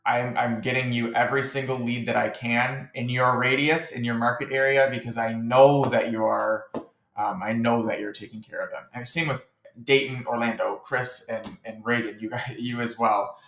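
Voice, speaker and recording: A man's voice: medium pitch, steady tone, moderate pace, a bit bright, echoey room. A man giving a client casual, rambling feedback as a business coach, full of fillers and restarts and easy chuckles. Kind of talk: casual recorded feedback message.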